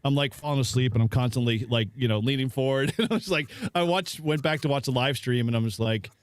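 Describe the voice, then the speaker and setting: A man's voice: mid-range voice, fast, smooth, dry recording. A man co-hosting a casual live stream chat, telling stories loosely with lots of fillers. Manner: rambling storytelling with many fillers and laughs.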